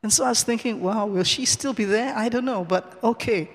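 A man giving a personal testimony in a cathedral, telling the story in a lively way, acting out the dialogue and chuckling often. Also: high voice, brisk, in a large hall. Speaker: church speaker giving testimony. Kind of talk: personal testimony told from the pulpit. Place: large cathedral.

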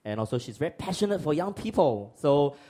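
A man's voice: a little high, sing-song, fairly quick, mellow. A man casually introducing the guest speaker at a church service. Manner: informal, chatty.

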